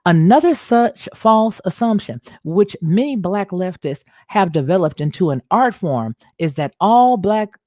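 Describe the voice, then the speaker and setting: A woman's voice: medium pitch, lively intonation, measured pace, few pauses, a little mellow, no echo, clean studio sound. A woman hosting a commentary show, reading an article aloud and commenting on it in a conversational way. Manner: conversational, addresses viewers as y'all. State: feeling unwell, clearing throat.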